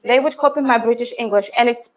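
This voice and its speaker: A woman's voice: a little high, quick pace. A middle-aged woman, an English teacher, explaining how she teaches pronunciation and often checking in with "yeah?" and "right?".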